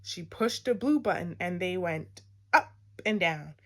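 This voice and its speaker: A woman reads a children's storybook aloud at an unhurried pace, her voice rising and falling in wide, animated swings. She plays up the sound effects with playful emphasis. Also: lowish voice. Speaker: storytime reader.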